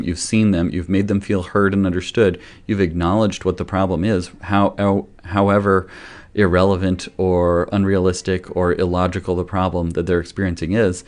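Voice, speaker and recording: A man, a pediatrician, giving parenting advice in a casual, conversational way, gentle and loosely self-correcting as he explains. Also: low voice. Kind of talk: casual explanatory talk to camera.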